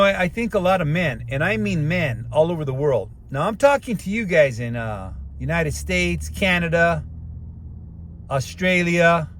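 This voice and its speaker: A middle-aged man hosting a casual self-help talk, speaking straight to viewers and sometimes stretching words out slowly to show clear diction. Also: on the high side. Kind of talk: casual advice monologue. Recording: street noise behind voice.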